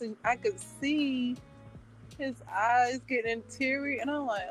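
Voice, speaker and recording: Slow, meandering woman chatting casually. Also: a little high, faint music behind, low-quality recording. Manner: meandering, hesitant, many fillers and restarts. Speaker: book club channel host. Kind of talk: casual chat.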